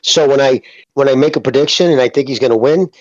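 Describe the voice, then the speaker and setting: Brief: male co-host, mid-pitched, muffled lo-fi line, hedges a lot and keeps asking "you know what I mean". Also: fast, no echo. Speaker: podcast co-host. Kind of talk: casual boxing chat. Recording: dull lo-fi audio.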